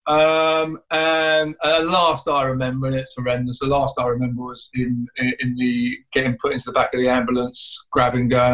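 A man's voice: medium pitch, completely flat delivery, a bit bright, rough recording. A man who is a guest telling a painful story in a conversational way, often restarting his sentences. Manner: rambling, halting retelling with many restarts.

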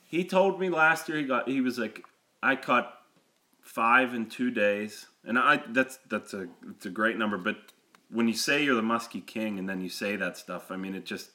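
Bright-voiced man telling a fishing story. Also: lowish voice, a little fast. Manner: animated, laughing, repeats words when excited. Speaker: podcast co-host. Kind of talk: casual storytelling chat.

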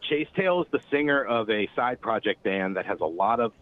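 A man's voice: on the low side, expressive, fairly quick, crowd noise. A man talking casually as a musician guest, rambling with lots of fillers. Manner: rambling, many fillers and restarts. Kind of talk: casual interview chat. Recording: tinny phone-like line, faint hiss.

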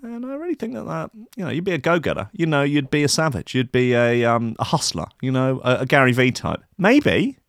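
A man's voice: mid-range voice, expressive, brisk, hardly any pauses, clear, resonant tone, no room sound, studio quality. A man telling a long comic story to his listeners, rambling through profane, self-mocking asides.

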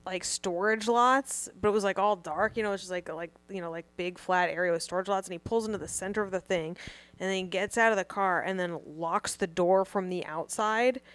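A young woman co-hosting a comedy podcast, telling a wild story in a profane, animated way. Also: medium pitch, fairly quick, dry recording. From Southern California. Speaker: podcast co-host. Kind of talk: casual comedy podcast chat.

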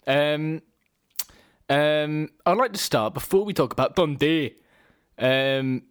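A man's voice: a little high, slow, smooth. A man from England co-hosting a casual podcast, trading dry jokes and banter. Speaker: podcast co-host.

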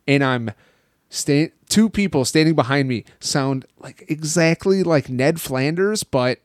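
A man's voice: fairly high pitch, lively intonation, a little slow, no echo, studio quality. A man chatting casually on a podcast, agreeing often and chiming in with short replies. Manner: chatty, agreeable, with frequent backchannels.

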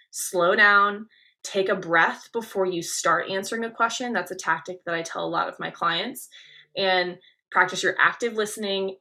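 A young woman from Nebraska hosting a coaching podcast, talking in an energetic, leaning-in way with emphatic stresses. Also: fairly low pitch. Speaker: podcast host and pageant coach.

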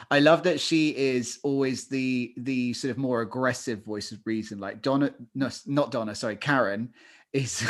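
A man chatting on a podcast in a mid-range voice. His talk is casual and rambling, with plenty of fillers and corrections along the way. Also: medium pitch. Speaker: podcast co-host. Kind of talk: casual chat.

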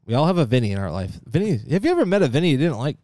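A man co-hosting a podcast, telling a rambling, profane story with laughs, loud outbursts and mumbled asides. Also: fairly high pitch, racing, dry recording, studio quality. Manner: animated, swearing, laughing storyteller. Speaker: podcast co-host. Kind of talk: casual storytelling chat.

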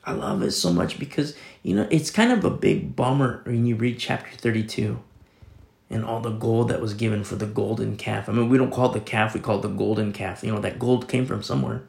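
The preacher is a pastor whose voice sits on the low side, gravelly and a little mellow, and he speaks fairly quickly. His sermon is casual: he reads scripture and explains it with ordinary fillers. The room is echoey.

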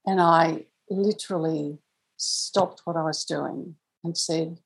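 Husky, low-voiced woman telling a story. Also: fairly even intonation, takes it slowly, poor audio. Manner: warm, reflective storytelling with frequent laughs. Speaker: guest, angel communicator. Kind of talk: conversational storytelling.

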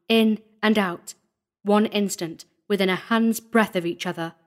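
A woman narrating a gothic horror story as a dramatic audiobook reading, measured and building tension. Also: mid-range voice.

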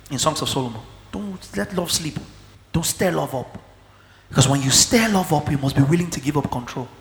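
A male preacher delivering a sermon, dropping to low murmurs and then breaking into shouts. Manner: fiery, swings between low murmurs and shouting. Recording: echoey hall.

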